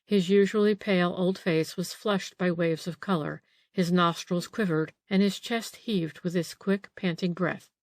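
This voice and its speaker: A woman narrating an audiobook in a measured, steady storytelling manner. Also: lowish voice, no echo. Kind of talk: scripted narration.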